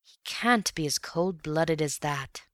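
A woman voicing an earnest, brooding man who speaks slowly and carefully. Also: low voice, expressive, a bit bright, dry recording, clean studio sound, exaggerated voice. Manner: slow, earnest, measured.

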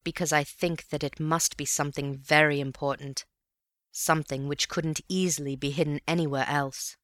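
A thoughtful, earnest man, voiced by a woman narrator in a storybook reading, speaking slowly and with weight. The low voice stays close and dry. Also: fairly even intonation, a bit bright, dry recording. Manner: slow, earnest, measured.

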